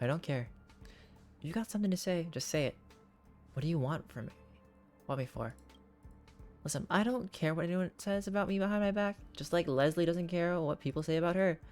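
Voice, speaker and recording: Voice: medium pitch, quick pace, long pauses, darkish tone, faint music behind, natural voice. A gamer reading aloud as a blunt, socially awkward young woman researcher who turns defensive and stammers. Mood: defiant.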